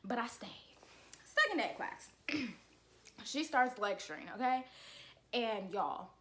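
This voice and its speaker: A young woman talks straight to her camera at home in a casual storytime vlog. Her voice sits a little high, and she swings between easy chatter and loud, exasperated ranting. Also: unhurried. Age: young adult. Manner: chatty and expressive, rising to loud exasperated rants. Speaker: college student vlogger. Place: at home, indoors.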